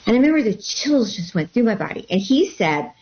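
A woman guest telling a personal story about becoming a healer, in a halting way with many fillers and restarts. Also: on the high side, big pitch swings, muffled recording.

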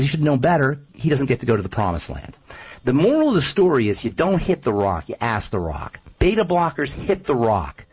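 A man's voice: medium pitch, wildly swooping pitch, brisk, breathy edge, muffled recording. A man speaking as a nutrition expert guest on a radio talk show, emphatic and repeating his points, often telling stories.

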